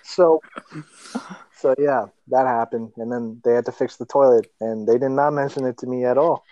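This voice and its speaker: Young male podcast co-host, animated storyteller who acts out voices, dry close sound. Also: medium pitch, moderate pace, no room sound, highs cut off. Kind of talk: casual chat.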